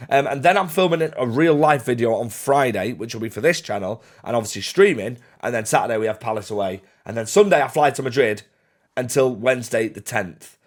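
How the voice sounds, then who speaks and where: A man's voice: mid-range voice, lively intonation, a little fast. A young man, chatting casually as he answers fan questions in a laddish, slangy way. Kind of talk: casual Q&A to camera.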